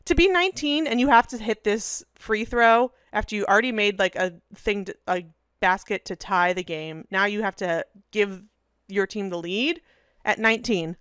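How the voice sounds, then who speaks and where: A woman co-hosting a casual basketball podcast, enthusiastic and a little profane, with quick asides. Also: mid-range voice, a bit bright, clean tone, no room sound, studio quality. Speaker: podcast co-host. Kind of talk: casual sports chat.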